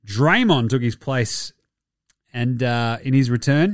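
A man's voice: mid-range voice, expressive, takes it slowly, no echo, clean studio sound. Sweary Australian man, sports podcast banter. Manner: irreverent, sweary, jokey banter. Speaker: podcast host. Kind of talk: casual sports podcast chat.

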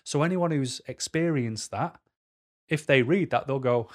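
A man's voice: mid-range voice, a little slow. A man giving dating advice to camera in a casual vlog, jokey and self-deprecating.

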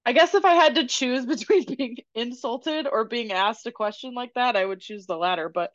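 A woman's voice: fairly high pitch, normal speed, fairly bright tone, no room sound. Giggly woman on a dry, dull mic. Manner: giggly, reads excerpts aloud with frequent laughs. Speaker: podcast host. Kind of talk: casual podcast chat.

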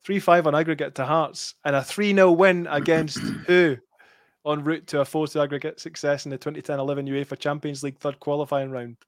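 Chatty Scottish man, slightly high voice. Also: fairly even intonation, a little fast, dry recording, studio quality. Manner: chatty, quizzing with stats. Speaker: podcast co-host. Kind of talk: casual football podcast chat.

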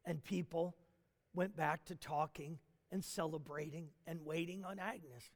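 A man telling a story in a sermon, animated, with frequent restarts and fillers. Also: on the high side, measured pace. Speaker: preacher. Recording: long hall reverb.

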